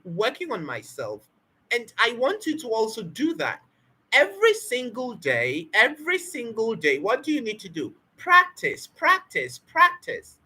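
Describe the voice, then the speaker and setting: A woman with a bright, fairly high voice gives an emphatic spoken-English lesson. Her pitch swings widely as she drills key words and throws out rhetorical questions. Her tone is slightly breathy. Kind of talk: motivational teaching talk.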